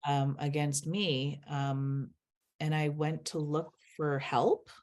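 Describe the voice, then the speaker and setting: A woman's voice: deep voice, flat delivery, slow, darkish tone. A middle-aged woman, a guest, speaking earnestly in a candid interview and laughing as she tells stories.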